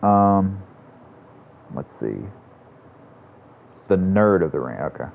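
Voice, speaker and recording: A man's voice: sits low, expressive, takes it slowly, gravelly, phone-quality sound. A man streaming a game, chatting casually and rambling with lots of swearing and self-mocking asides. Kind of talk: casual gameplay chat.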